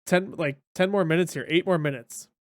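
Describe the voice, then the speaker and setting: A man in his thirties hosting a podcast, chatting loosely with swearing and halting restarts. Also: a little high, dry recording. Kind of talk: casual chat.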